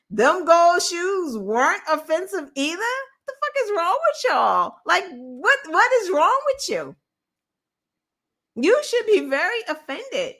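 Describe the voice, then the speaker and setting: A woman's voice: high-pitched, a bit bright. A woman hosting a show, giving casual, profane political commentary, incredulous and laughing between points. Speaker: podcast host.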